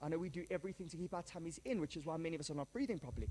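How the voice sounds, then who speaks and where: A man giving a live workshop talk to a standing audience, energetic and joking, calling them folks. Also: on the high side, very fast, hardly any pauses. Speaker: workshop speaker. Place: conference room before a live audience.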